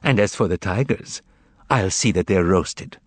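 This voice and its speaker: A man's voice: deep voice, animated, unhurried, dry recording. A man voicing a boastful, cheeky giant male cat in an audiobook. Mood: cocky. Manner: cocky, teasing, then meek. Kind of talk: audiobook character voice.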